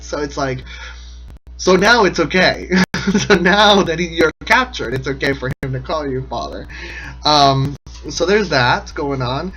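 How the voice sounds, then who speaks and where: Slightly high-voiced sarcastic man. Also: unhurried, pushed and bright, rough recording. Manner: rambling, sarcastic, laughs often. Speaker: episode commentator. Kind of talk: casual comedic recap commentary.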